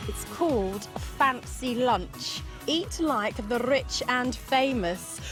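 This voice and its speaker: A woman's voice: on the high side, expressive, takes it slowly, fairly bright tone. A woman co-presenting a children's game show, bubbly and laughing often between lines. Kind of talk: lively TV presenting. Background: music.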